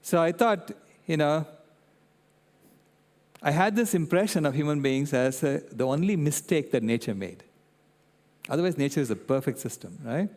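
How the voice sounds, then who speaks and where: An older man giving a public talk, an animated storyteller who keeps checking in with his audience. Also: a little high, moderate pace, long pauses. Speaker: guest speaker. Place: convention centre hall. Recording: long reverb in a large hall.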